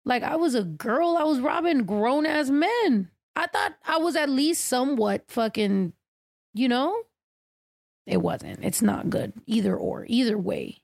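A woman podcast host telling a story in casual chat, blunt and profane, animated as she talks. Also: on the high side, moderate pace, gravelly, dry recording, clean studio sound.

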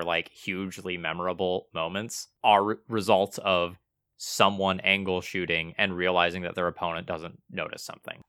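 A man with a very deep yet bright, forceful voice co-hosting a casual talk show. He chimes in with eager, chatty asides addressed to the audience. The sound is dry and close. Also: dry recording. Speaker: podcast co-host. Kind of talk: casual chat.

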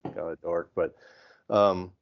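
A man's voice: sits low, measured pace, lo-fi sound. A man from the Midwest telling stories in casual chat and acting out what people said. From American Midwest. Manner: animated storyteller, acts out quotes.

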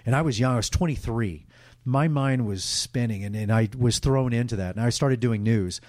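A middle-aged sportscaster telling emotional, candid stories in a casual interview, rambling with restarts. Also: male voice, mid-range voice, moderate pace, darkish tone, no echo, studio quality. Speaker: guest, sportscaster.

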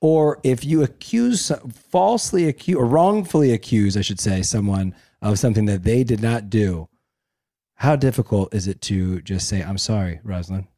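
Animated man telling a story, teasing. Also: lowish voice, moderate pace, no echo, clean studio sound. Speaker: podcast co-host. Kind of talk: casual chat.

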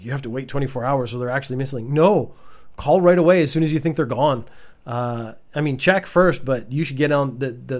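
A man's voice: medium pitch, a little mellow. A man giving casual, wry commentary on news stories from home, chatty with frequent restarts.

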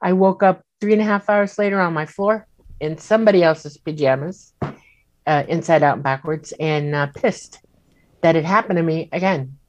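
A woman telling a personal story in casual speech, animated and acting out the voices she quotes, with many fillers. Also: sits low, moderate pace. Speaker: guest recounting an experience.

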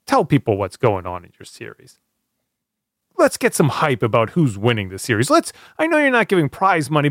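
A man co-hosting a casual podcast, giving a measured opinion that builds to an emphatic push. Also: medium pitch, no echo, clean studio sound. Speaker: podcast co-host. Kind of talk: casual chat, opinionated rant.

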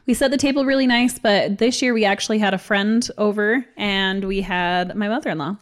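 A woman's voice: mid-range voice, a little fast. A woman in her thirties chats casually with a friend. She laughs readily and plays down her own skills with easy self-mockery. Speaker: podcast co-host. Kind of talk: casual chat.

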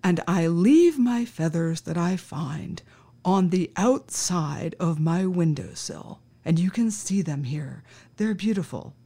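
A woman's voice: lowish voice, lively intonation, dark tone, full character voice. A woman doing a drawling stoner surfer guy. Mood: dreamy. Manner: drawling, slow, half-whispered. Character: slow, spaced-out stoner surfer man. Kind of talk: storytelling impression.

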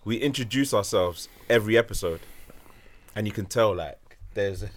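A man's voice: lowish voice, moderate pace. A man co-hosting a podcast, telling jokey slang-filled stories in casual chat. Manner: joking, slangy storyteller. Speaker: podcast co-host.

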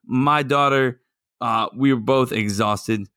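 Playful dad podcast host. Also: male voice, mid-range voice, takes it slowly, sharp tone, smooth, dry recording, studio quality. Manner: playful, jokey storyteller. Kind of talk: casual podcast chat.

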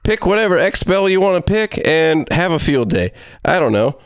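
A man's voice: a little high, big pitch swings, normal speed, clean tone, no room sound, clean studio sound. A man hosting a casual card-game chat, talking in a loose, rambling, joking way. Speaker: podcast host.

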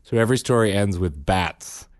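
A man chatting casually as a podcast co-host and parent, telling animated stories about his kids, acting out their voices and laughing often. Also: lowish voice, moderate pace, no echo, studio quality. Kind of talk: casual chat.

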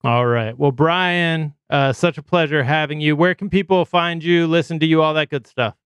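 Sports podcast host, male, smooth clear voice, dry close studio sound, casual stat-heavy chatter. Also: on the high side, normal speed, fairly bright tone, dry recording. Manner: chatty, reels off stats with fillers.

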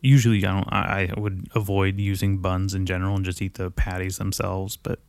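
A low-pitched man rambling through a casual solo monologue, swearing freely and poking fun at himself. He sounds a little out of breath. His voice comes through a desk mic on a boom arm in a dry, close home setup. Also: completely flat delivery, brisk, a little mellow, dry recording. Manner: profane, loose, self-mocking. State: a bit out of breath.

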